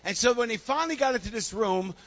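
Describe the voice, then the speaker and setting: Speaking fast with an extremely high, animated voice and a fairly bright tone, a pastor preaches to his congregation in a church sanctuary. He's a fervent storyteller who repeats phrases and ends with an altar call inviting people forward. The recording's highs are cut off.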